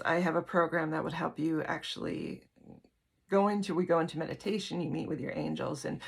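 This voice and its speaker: A woman with a low, gravelly and husky voice talks casually and reassuringly. She slips into little quoted inner voices as she goes. Her talk is chatty and direct, like a spiritual teacher speaking straight to camera.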